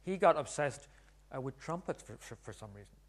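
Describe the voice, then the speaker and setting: A man's voice: medium pitch, expressive, a little fast. A middle-aged male author telling funny family stories to an audience, chatty and joking. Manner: chatty, joking, acts out voices. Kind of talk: humorous storytelling talk.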